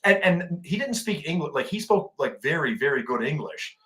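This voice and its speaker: A man's voice: on the high side, very animated, normal speed, a bit bright. A Canadian man, a veteran co-hosting a podcast, telling a war story in casual chat, rambling with many restarts and fillers.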